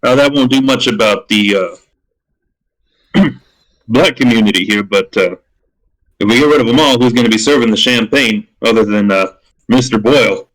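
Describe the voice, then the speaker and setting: A man's voice: on the low side, normal speed, long pauses, a bit bright, close to an everyday voice, rough recording. A man voicing a smug, scheming rich businessman who drawls slyly and hesitates with many fillers.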